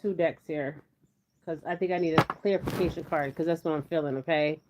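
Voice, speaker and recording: A woman's voice: sits low, fairly even intonation, a little fast, noisy background. A woman doing a casual tarot reading on camera, chatting in a rambling way and often checking in with "okay?". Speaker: tarot reader. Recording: slightly dull lo-fi audio.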